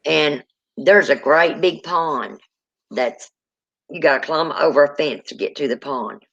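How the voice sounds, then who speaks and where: A woman's voice: low-pitched, a little slow, vocal fry, fairly bright tone, husky. A woman tells ghost stories in a folksy, rambling way. She often starts a sentence over and calls the listener "honey." Her voice comes through dull, lo-fi call audio. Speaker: guest telling ghost stories. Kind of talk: casual storytelling chat.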